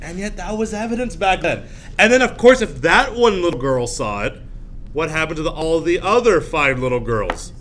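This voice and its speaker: A male teacher giving a classroom lecture, animated, often jumping into high shrill voices to act out scenes. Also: normal speed. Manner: animated, acts out shrill voices of frightened girls.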